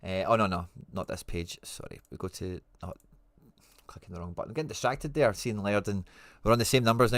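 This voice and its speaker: A Scottish man hosts a relaxed livestream, reading out viewer comments and answering with slang and friendly teasing. His voice sits on the low side. The sound is dry and close, with no room echo. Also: fairly quick. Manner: chatty, reads out viewer comments and answers them. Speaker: livestream host. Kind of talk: casual livestream chat.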